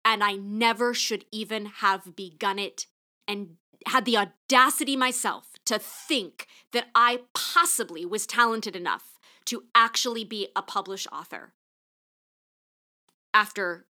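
Bright-voiced woman telling her story. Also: mid-range voice, a little slow. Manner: earnest, emotional, pointed. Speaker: podcast host. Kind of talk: personal storytelling monologue.

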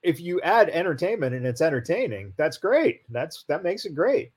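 A man's voice: a little high, sing-song, moderate pace, a little mellow, husky. A man cohosting a casual wrestling podcast, talking hesitantly with many fillers. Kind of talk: casual panel chat.

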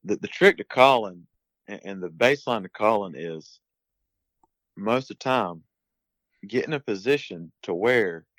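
A turkey hunter guesting on a podcast explains things casually and unevenly, restarting sentences and adding bursts of emphasis. His voice is lowish with a fairly bright tone, on a dry, rough recording.

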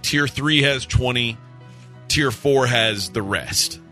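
A man co-hosting sports talk radio in an easygoing way, thinking aloud as he goes. His voice is bright and forward, with faint music behind. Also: medium pitch, takes it slowly. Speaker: co-host. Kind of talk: casual sports radio chat.

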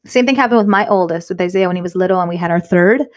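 A woman co-hosting a podcast, a mother of three telling stories in animated casual chat. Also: lowish voice, racing. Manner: animated storytelling. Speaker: podcast co-host.

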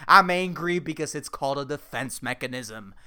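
A man's voice: medium pitch, expressive, moderate pace, sharp tone, smooth. Sarcastic profane man ranting solo. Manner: profane, sarcastic, laughing at his own jokes. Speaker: podcast host. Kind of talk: solo podcast rant.

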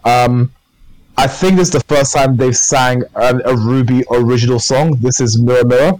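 A man's voice: medium pitch, normal speed, darkish tone, dry recording, low-quality recording. A man co-hosting a podcast, chatting casually and enthusiastically in a rambling way. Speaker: podcast co-host. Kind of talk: casual chat.

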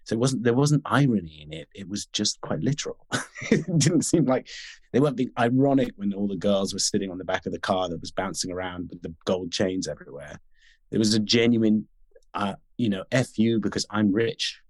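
Guy, lowish voice, talks slow and careful, lots of restarts, dry close sound. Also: animated, a little mellow, dry recording. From Sudan and Britain. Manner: articulate, halting with many restarts. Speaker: guest actor. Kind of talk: reflective interview conversation.

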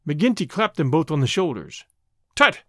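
A man narrating a mystery story and hosting the show, with expressive storytelling. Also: a little high, brisk, no room sound, studio quality. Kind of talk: audiobook narration.

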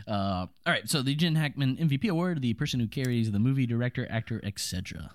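A man's voice: mid-range voice, expressive, fast talker, no room sound. A man with a Southern American accent co-hosting a casual film podcast, hesitant and full of fillers as he steers the segments. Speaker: podcast co-host.

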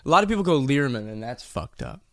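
Easygoing young man, lively voice. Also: on the high side, quick pace, creaky. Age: young adult. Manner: easygoing, agreeable. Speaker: podcast guest. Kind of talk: casual podcast banter.

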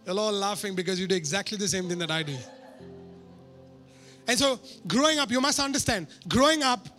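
A man preaching a sermon through a personal story, animated and poking fun at himself. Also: high voice, fairly quick, faint music behind. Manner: animated, self-mocking humor.

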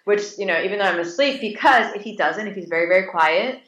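Talking fast in a medium-pitched, fairly bright voice, an interview guest in her late thirties relates stories in a casual, animated way, with plenty of restarts and fillers. An echoey room colors the recording.

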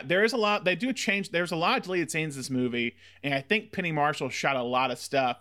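A man co-hosting a podcast, chatting casually about a film in quick, animated run-on recaps. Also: fairly high pitch. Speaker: podcast co-host.

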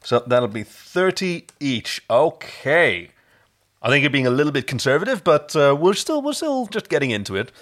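A man hosting a casual podcast chat, telling stories and running a quiz in a chatty, animated way. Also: fairly high pitch, normal speed.

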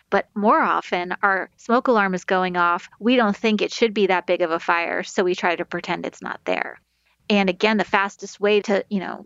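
A woman's voice: mid-range voice, fairly bright tone, clear, resonant tone, no room sound. A woman speaks as an expert guest on a talk show, explaining anxiety and feelings in plain conversational terms. She often acts out inner self-talk in quotes and reaches for metaphors. The sound is slightly dull and lo-fi, with a dry, close room. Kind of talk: conversational podcast advice.

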